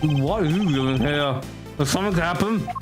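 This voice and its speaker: A composed, serious male prosecutor, earnest and level in his delivery, as a man reads him off the screen. The voice sits a little high for a man, and clear game music plays behind. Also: a little slow, lightly acted. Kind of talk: reading game dialogue aloud on a stream.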